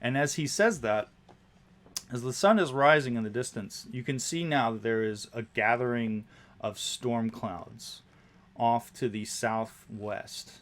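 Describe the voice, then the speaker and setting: Halting game master narrating scenes. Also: male voice, mid-range voice, a bit bright. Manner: descriptive, halting, many fillers.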